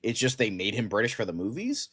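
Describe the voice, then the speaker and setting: Male podcast co-host, low voice, dry close mic, animated casual fan talk. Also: quick pace, husky, dry recording. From Connecticut, USA. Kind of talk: casual chat.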